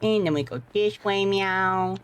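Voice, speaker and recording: A woman streamer talks through a game live, playful and profane, tacking a cat-like "meow" onto nearly every sentence. Her voice sits at an ordinary, middling pitch. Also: moderate pace, clean tone. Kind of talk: live gameplay commentary.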